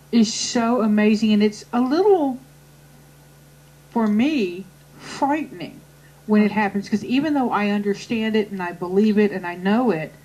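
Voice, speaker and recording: A woman hosting an interview, chatty and relaxed, with easy laughs. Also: mid-range voice, lo-fi sound. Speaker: host. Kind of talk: casual interview chat.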